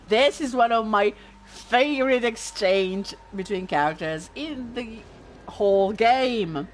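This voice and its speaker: A woman streaming a video game, chatting casually in a halting way and laughing easily. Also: on the high side, slight background noise. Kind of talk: casual gameplay commentary.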